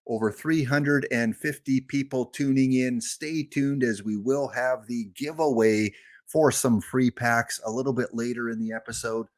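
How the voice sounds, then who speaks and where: A man's voice: mid-range voice, steady tone, normal speed. A man streaming a game live, chatting and joking with his viewers. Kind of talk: casual live-stream chat.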